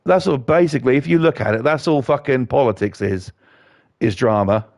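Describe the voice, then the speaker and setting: A man's voice: medium pitch, fairly quick, darkish tone, no echo, clean studio sound. A man, ranting and swearing in a rambling way while he plays a video game. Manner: profane, rambling, indignant. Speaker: gaming YouTuber.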